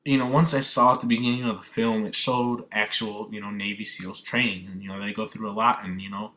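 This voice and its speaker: A man's voice: lowish voice, steady tone, a little fast, bright, forceful tone. A young man, reviewing a film in an earnest, rambling way, with many fillers and restarts. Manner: earnest and moved. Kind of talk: casual emotional film review.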